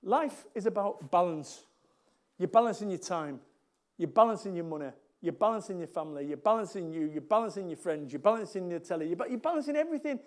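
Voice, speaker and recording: A middle-aged man with a Mancunian accent, giving a blunt, jokey motivational talk to a live audience and repeating lines for emphasis. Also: high voice. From Salford, England. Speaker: motivational speaker.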